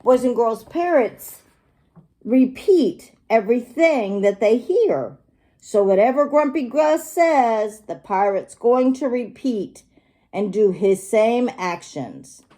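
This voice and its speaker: A woman teacher reading a picture book aloud to young children. Her voice is a bit high and very expressive, rising and falling with the story. She reads slowly and stops to ask the children questions. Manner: animated, asks the children questions.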